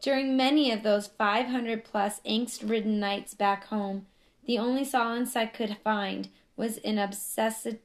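A woman reading her own memoir aloud in an earnest, emotional manner. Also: mid-range voice. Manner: earnest, emotional, building to intensity.

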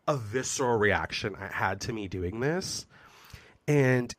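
Podcast co-host, man from the Bay Area, sassy and expressive, lively swooping delivery, dry close sound. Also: lowish voice, unhurried, no room sound. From San Francisco Bay Area. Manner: expressive, sassy, self-critical. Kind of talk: casual chat.

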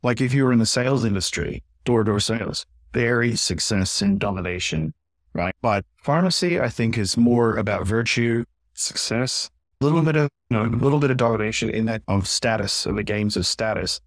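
A man's voice: lowish voice, brisk, no echo. A man being interviewed as a communication trainer, explaining earnestly and often tagging on "right?". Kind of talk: podcast interview.

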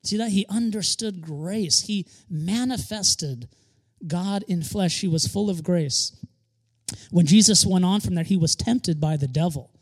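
A man's voice: sits high, unhurried, breathy edge. A man preaching a sermon as pastor, emphatic, repeating key phrases for stress and slipping in joking asides.

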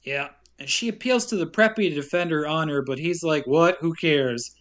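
Podcast co-host, male, slightly high voice, wry and chuckly recapping a film. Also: expressive, brisk, fairly bright tone. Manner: wry, laughing while telling the plot. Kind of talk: casual chat, recapping the plot.

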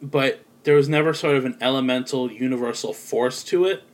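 A man's voice: medium pitch, fairly even intonation, fairly quick. A man giving a casual spoken film review, rambling with lots of filler words and sounding a little sleepy. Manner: rambling, many ums and likes. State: sleepy, yawning.

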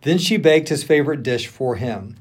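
A man co-hosting a podcast, reading scripture aloud in even narration and voicing the speakers lightly. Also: medium pitch, moderate pace, slightly rough. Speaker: podcast co-host.

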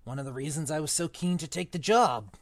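A podcast reader voicing a big, gruff male half-giant gamekeeper in a book club read-aloud, with rough country speech and loud bursts. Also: mid-range voice, fairly quick, no echo, natural voice. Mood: rueful chatty.

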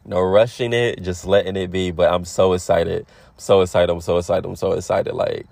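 A man in his late twenties hosting a casual motivational podcast, talking in a relaxed, affirming way and repeating phrases for emphasis. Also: low-pitched, normal speed, creaky, dry recording. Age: 20s. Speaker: podcast host.

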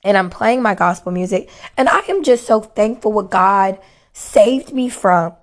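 A woman with a hoarse, worn voice, giving casual faith-based encouragement to viewers and repeating her key lines for emphasis. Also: mid-range voice, a little slow. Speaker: faith-based motivational speaker.

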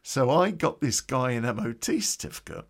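A man's voice: mid-range voice, very animated, moderate pace, gravelly. A man telling a personal story on a podcast in a casual, profane, conversational way with chuckling asides.

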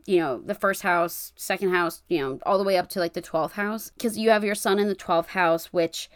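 A woman's voice: on the low side, moderate pace, no echo, clean studio sound. A woman in her twenties with a New Jersey accent, co-hosting a podcast and reading astrology charts aloud, laughing often and stumbling over words. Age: 20s. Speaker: podcast co-host.

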